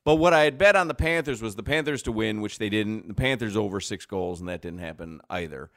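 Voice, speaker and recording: A sports talk radio host with a lowish voice and vocal fry speaks briskly into a close studio mic, in a dry recording. He tells rambling stories with lots of animation and laughs often.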